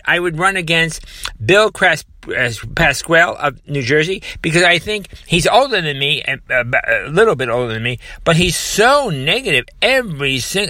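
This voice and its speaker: Older man, seventies, emphatic political commentary, repetitive, sharp bright voice, dry close sound. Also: on the high side, no room sound. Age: 70s. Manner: emphatic, repetitive, mocking mimicry of opponents.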